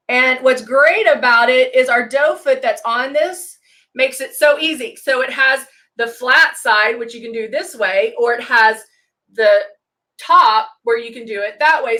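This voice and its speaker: A woman's voice: fairly high pitch, pushed and bright. A middle-aged woman hosting a makeup live stream, chatting casually as she works and greeting viewers by name. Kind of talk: casual demo chat.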